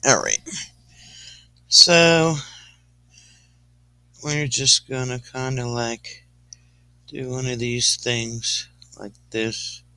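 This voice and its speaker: Bright-voiced goofy man teaching painting. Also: medium pitch, steady tone, drawn-out words, pauses often, clear, resonant tone, dry recording. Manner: goofy, sings snatches of song, puts on a folksy drawl; rambling, many fillers like "kinda, like". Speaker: painting instructor on a live stream. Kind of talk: casual painting demo with jokes.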